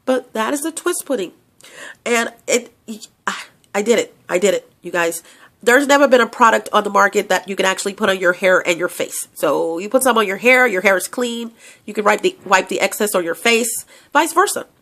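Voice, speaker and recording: A woman's voice: mid-range voice, fairly quick, fairly bright tone. Woman with a stuffy nose rambling about her product, lots of uhs and restarts, talking into a handheld mic. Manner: chatty, rambling, many restarts and fillers. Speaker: channel host selling a hair product. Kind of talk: casual product vlog. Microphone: handheld microphone.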